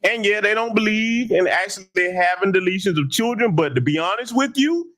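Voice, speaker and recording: A man hosting a heated commentary broadcast, talking in an emphatic, taunting, loud way. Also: high-pitched, expressive, brisk. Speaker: host.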